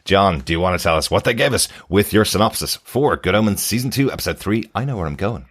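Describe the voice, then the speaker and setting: Male podcast host, very low voice, lively swoops, chatty and laughing. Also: fast talker. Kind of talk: casual podcast chat.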